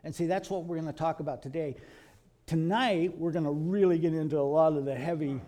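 A middle-aged man from Kentucky, telling animated stories to a live audience in a folksy preaching style, calling the listeners folks. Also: a little high, a little fast. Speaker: creationist speaker.

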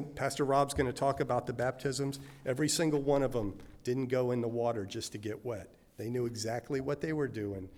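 A man's voice: medium pitch, a little mellow. A man speaking earnestly to a church about supporting a mission, with occasional ums. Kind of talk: church announcement.

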